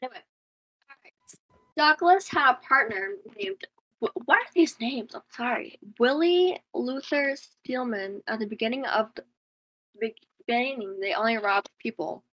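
A young woman reads out a true crime case in a casual chat, tripping over names and words and laughing at herself in giggly asides. Her voice is fairly high, expressive, a bit bright and a little slow, and the audio is poor.

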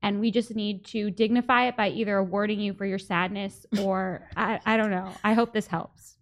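A woman's voice: medium pitch, steady tone, normal speed. A woman co-hosting a podcast in casual chat, playful and sarcastic. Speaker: podcast co-host.

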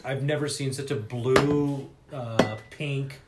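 Male podcast co-host, mid pitch, easygoing storyteller, echoey room with steady hiss. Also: takes it slowly. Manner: easygoing storyteller with filler uhs. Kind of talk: casual chat.

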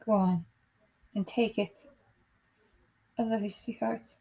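A young woman reading the lines of a gentle, loving father in her own voice, soft and tender. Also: mid-range voice, steady tone, slow, creaky, slightly rough, full character voice, poor audio.

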